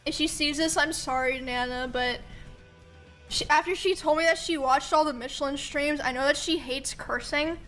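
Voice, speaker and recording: A young woman streamer with a high, bright voice tells family stories to her live chat. She is chatty and giggles through her sentences, saying 'like' constantly. Soft music plays faintly behind her. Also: normal speed. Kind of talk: casual storytelling to a live chat.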